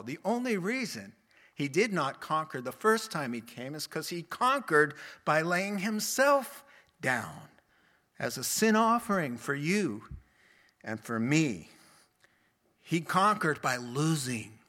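A man with a fairly high voice preaches a sermon, recounting Bible stories with lively acted-out quotes and laughing as he goes.

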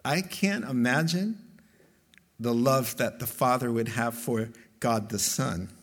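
A man preaching a sermon as a pastor, emphatic and slow, with dramatic pauses between phrases. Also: mid-range voice.

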